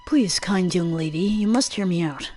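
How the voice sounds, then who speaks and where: A woman's voice: lowish voice, moderate pace, dark tone, faint music behind, lightly acted. Woman doing a fawning, pleading little mouse. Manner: overly courteous and pleading. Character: small polite pleading mouse, secretly scheming.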